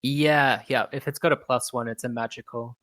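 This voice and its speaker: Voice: medium pitch, steady tone, normal speed, fairly bright tone, no echo. A game master narrating a tabletop game in a laid-back, hesitant way with many ums.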